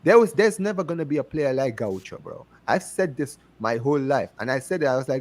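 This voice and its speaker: A man's voice: mid-range voice, big pitch swings, fairly quick, few pauses, darkish tone. A man with an African accent, a guest in casual chat, talking passionately and repeating himself for emphasis. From United States. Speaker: guest on a fan show.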